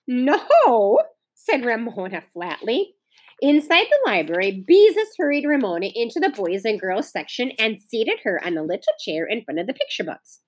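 A middle-aged woman teacher reads a children's novel aloud to her pupils, telling it clearly and expressively. Her voice sits fairly high with lively swings of pitch. The sound is close and dry. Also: moderate pace, no room sound.

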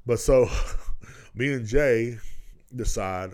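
A man's voice: medium pitch, measured pace, long pauses, darkish tone. A man, hosting a podcast and telling rambling, profane stories, laughing as he goes. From Texas. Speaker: podcast host. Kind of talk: casual storytelling.

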